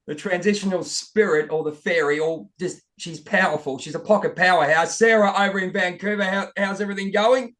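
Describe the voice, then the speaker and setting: A man hosting a casual spiritual podcast over a video call, excitable and calling everyone mate. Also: high-pitched, fairly quick, few pauses. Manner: excitable, keeps saying "mate". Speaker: podcast host.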